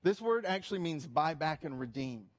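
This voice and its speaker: A pastor in his thirties delivers a conversational sermon, mixing earnest points with humorous asides. His voice sits notably high for a man, and he talks in an animated, playful manner. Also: moderate pace.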